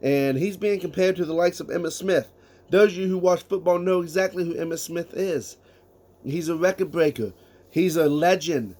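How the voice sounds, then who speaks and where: A man's voice: a little high, normal speed, darkish tone. A man giving casual solo sports talk, emphatic, reading out statistics and asking rhetorical questions. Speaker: sports commentator.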